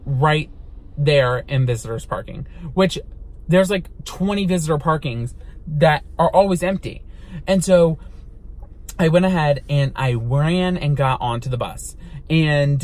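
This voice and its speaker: High-voiced young man telling a story. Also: unhurried. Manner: animated, dramatic retelling with swearing. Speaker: vlogger. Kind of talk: storytime vlog. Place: inside a car.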